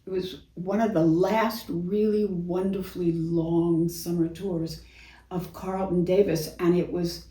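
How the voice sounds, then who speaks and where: A woman's voice: lowish voice, fairly even intonation, unhurried. An older woman tells theater stories in an easy, chatty way, laughing through them. She sounds a little distant from the mic, and the room carries a roomy echo. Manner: chatty storyteller, warm laughs through anecdotes. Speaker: actress and singer, guest. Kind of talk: casual interview, reminiscing.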